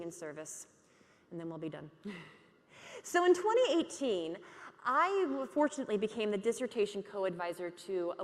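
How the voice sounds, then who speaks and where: A woman giving a candid, lively conference keynote, laughing along with her audience. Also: medium pitch, big-room sound. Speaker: keynote speaker. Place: conference hall.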